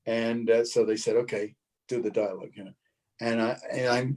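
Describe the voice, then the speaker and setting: A man's voice: mid-range voice, moderate pace. Australian older man telling stories. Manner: lively, acts out other people's lines in quotes. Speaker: guest actor. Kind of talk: anecdotal storytelling.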